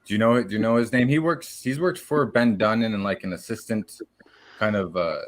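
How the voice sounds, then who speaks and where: A middle-aged man from Canada with a fairly low voice, hosting a live stream. He chats in a relaxed, rambling way, filling the gaps with ums and uhs. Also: moderate pace, no echo. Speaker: stream host. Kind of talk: casual live-stream chat.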